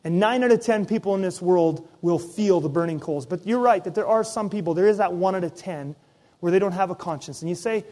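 A middle-aged pastor preaches a sermon from the pulpit, his voice sitting high for a man and moving fairly quickly. He tells personal stories energetically, acting out his own inner voice and the other people involved.

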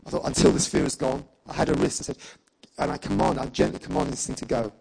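A male preacher tells a personal testimony to his congregation, jumping into the voices of the people in his story. His voice is heavily gravelly with a lot of fry, sitting at an ordinary middle pitch, and he chuckles along with his own tale. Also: fast talker, poor audio. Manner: lively storyteller who acts out dialogue and laughs along.

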